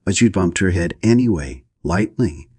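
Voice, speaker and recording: Male audiobook narrator: very deep, husky voice, measured delivery. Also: animated, dark tone, no echo. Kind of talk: scripted narration.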